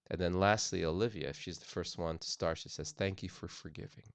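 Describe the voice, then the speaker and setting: Deep-voiced man preaching, dry sound. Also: fairly even intonation, fairly quick, gravelly, no room sound. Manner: earnest, repeats phrases with restarts. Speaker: pastor. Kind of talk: sermon on forgiveness.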